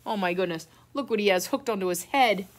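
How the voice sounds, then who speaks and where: A middle-aged woman, a teacher reading a picture book aloud to children, expressive and full of surprise. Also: medium pitch, brisk. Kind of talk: children's read-aloud storytime.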